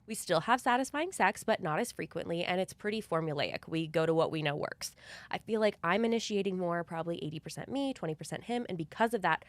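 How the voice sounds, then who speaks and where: A woman's voice: lowish voice, lively intonation, quick pace, no echo. A young woman co-hosting a casual podcast, blunt and playful, laughing often and reading a listener's letter aloud. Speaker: podcast co-host.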